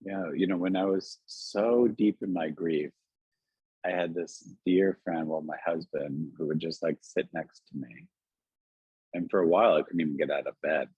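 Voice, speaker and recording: A man with a very deep, husky voice speaks in a gentle, musing way, his thoughts wandering through many "like"s and "you know"s. He is heard over a video call, and the sound is dull, lo-fi and dry. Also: steady tone, moderate pace, no room sound. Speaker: guest author. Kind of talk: reflective conversation. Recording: dull lo-fi webinar audio.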